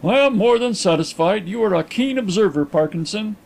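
A man voicing an excitable, skeptical gentleman friend in an audiobook, with a raised, emphatic, incredulous delivery. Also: extremely high pitch, normal speed, voice pushed up.

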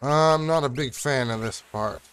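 Guy grumbling through a game, slow and muttery, clear smooth voice. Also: mid-range voice, a bit bright. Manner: mutters and grumbles while playing. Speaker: let's play host. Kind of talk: casual gameplay commentary.

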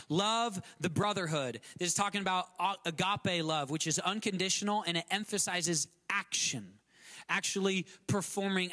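A male guest pastor, preaching a conversational sermon with many restarts, repeated words and acted-out quotes. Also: a bit bright. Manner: acts out quotes with sudden shifts in pitch.

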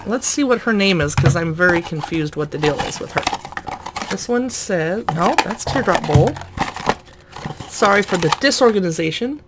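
A woman's voice: on the low side, expressive, normal speed, heavy background noise. Chatty amused woman unboxing toys. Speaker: toy unboxing vlogger. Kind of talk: casual unboxing narration.

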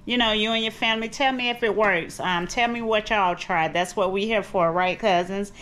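A woman's voice: medium pitch, moderate pace, a bit bright, a little hiss or hum. A middle-aged woman vlogging in her kitchen at home, rambling and chatty, calling her viewers cousins. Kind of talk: casual chat to camera.

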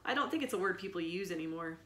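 A woman's voice: fairly low pitch, lively intonation, fast, roomy sound, lightly acted. A woman voicing a cautious, nervous schoolboy who speaks hesitantly.

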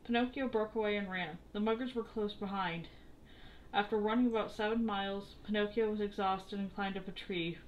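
A woman reading a children's story aloud in a steady, expressive way. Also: medium pitch, brisk, highs cut off, a little hiss or hum. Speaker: storybook reader.

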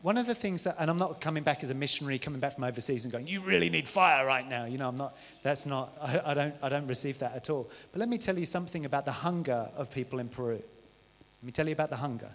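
A man preaching a lively testimony sermon to a church congregation. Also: mid-range voice, fast talker. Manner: lively storytelling, animated quoted voices. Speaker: visiting preacher. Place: church auditorium. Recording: live church sound with long reverb.

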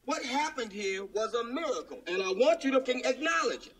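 A man's voice: very high-pitched, expressive, a little fast, fairly bright tone, husky, full character voice. An actor playing a stern, preachy hitman in his forties who speaks intensely. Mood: insistent.

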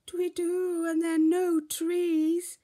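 A woman's voice: very high voice, monotone, slow pace, mellow, voice pushed up. Woman doing a hooting cheerful storybook owl. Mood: chirpy. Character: friendly chirpy male owl.

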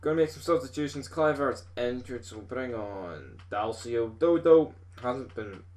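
A young man with a Scottish accent, talking through his football game at a mid pitch. He swears freely and gets worked up like a fan in the stands, playing host for his own gaming channel. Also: unhurried. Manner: sweary, rowdy, excitable fan. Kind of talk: live gameplay commentary.

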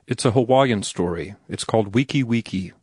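A man playing a headstrong young writer in an audiobook, speaking in a low voice with blunt insistence. The sound is close and dry, with no echo behind it. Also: normal speed, a little mellow, slightly rough. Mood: excited. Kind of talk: audiobook character reading.

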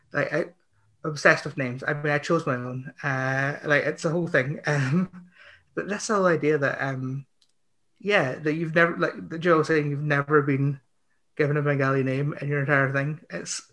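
Excitable man with a higher voice. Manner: excitable, halting, many fillers and restarts. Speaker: panelist. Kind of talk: online panel discussion.

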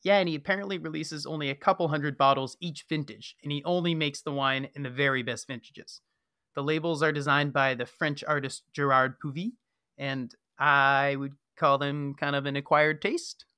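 A man's voice: on the high side, fairly even intonation, moderate pace, pushed and bright, clear, resonant tone, no room sound, studio quality. A man co-hosting a wine podcast, explaining things in a wry, casual way. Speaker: podcast co-host. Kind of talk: casual chat.

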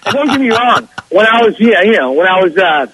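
A young man calling a radio show who tells a story in a boastful, excitable, slangy way over the phone. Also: high-pitched, fairly quick, low-quality recording. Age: young adult. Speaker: caller. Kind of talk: casual storytelling on a call-in show.

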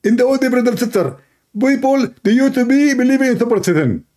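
Man doing a high, sing-song mocking impression of a male preacher. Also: animated, fast, dark tone. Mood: preachy. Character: preachy male Muslim televangelist, lecturing.

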